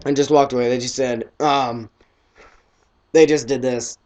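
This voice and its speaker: A teenage boy casually reviewing a film, excitable and rambling, his voice often trailing off quietly. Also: medium pitch, unhurried, background noise.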